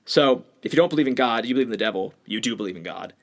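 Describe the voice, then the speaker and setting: A man's voice: medium pitch, animated, racing, fairly bright tone. Blunt, opinionated male podcast co-host. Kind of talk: casual podcast discussion.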